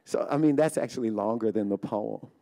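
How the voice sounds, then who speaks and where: A man with a Louisiana accent giving a live poetry reading, reading his poems slowly and hushed, chatting with the audience in an animated way between them. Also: fairly low pitch, gravelly. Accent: Southern US, Louisiana. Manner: slow, hushed delivery of poems; bubbly, animated banter between. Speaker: poet.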